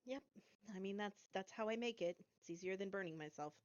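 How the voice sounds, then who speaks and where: A woman playing a tabletop game, describing her character's actions in a soft, hesitant way. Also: medium pitch, brisk, no echo, dull audio. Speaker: player. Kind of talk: casual tabletop game talk.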